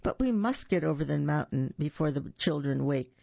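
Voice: mid-range voice, expressive, moderate pace, creaky, dark tone, no echo. A reader voicing a chorus of small dolls and toys who plead for help, on a dull, slightly lo-fi recording. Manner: begging, tearful.

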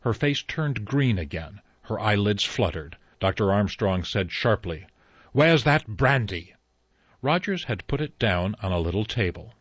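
A male audiobook narrator with a low voice and a lively, expressive line. He tells the story in an even, unhurried way. The recording is dry and close, slightly dull in tone. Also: slightly rough, no echo. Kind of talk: scripted narration.

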